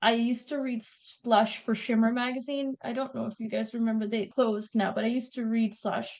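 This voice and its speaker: High-voiced Canadian woman, chatty author. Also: normal speed, poor audio. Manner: chatty, animated storytelling. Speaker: guest author. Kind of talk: casual interview chat.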